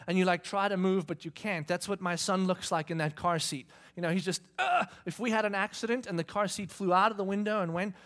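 Guy pastor, high voice, lively storytelling sermon, cracks jokes about his kids. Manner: animated storyteller acting out his kids' shouting. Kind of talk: sermon with humorous family story.

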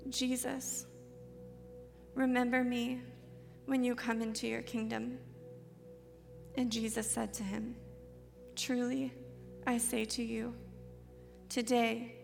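Woman scripture reader, slow and steady, gravelly edge, soft music in a reverberant hall. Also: fairly high pitch. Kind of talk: solemn Bible reading.

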